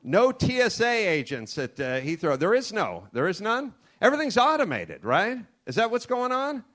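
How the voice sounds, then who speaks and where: A man's voice: high voice, normal speed. Rambling, profane American man telling stories. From United States. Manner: rambling, profane, animated asides. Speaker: comedy show host. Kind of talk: comedic storytelling. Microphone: studio mic with cord.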